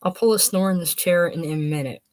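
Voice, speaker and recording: A woman's voice: lowish voice, fairly quick, darkish tone, dry recording, natural voice. Woman reading as a flippant teasing young woman. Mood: bored teasing. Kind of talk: audiobook reading.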